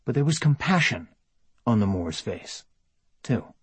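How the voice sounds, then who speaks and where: A man narrates an audiobook in a measured, even storytelling voice. His tone is mid-pitched and husky. The recording is close and dry. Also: no room sound.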